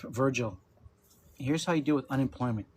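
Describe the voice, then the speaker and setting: A middle-pitched man in his fifties hosts a loose livestream chat from home. He laughs often and swears freely. A faint hum of room ambience sits under his voice. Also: moderate pace, darkish tone. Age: 50s. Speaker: livestream host.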